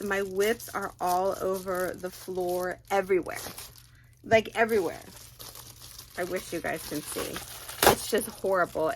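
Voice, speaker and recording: A woman's voice: medium pitch, a little hiss or hum. A middle-aged woman hosting a crochet channel, chatting casually as she unboxes gifts at home, gasping and gushing with delight. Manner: gushing, gasps and squeals with delight. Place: home craft room.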